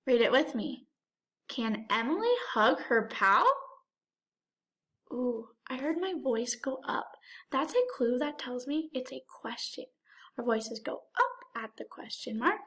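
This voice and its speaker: A woman's voice: on the high side, fairly bright tone. A woman teacher giving a remote lesson to young children, talking directly to them in an encouraging, sing-song way.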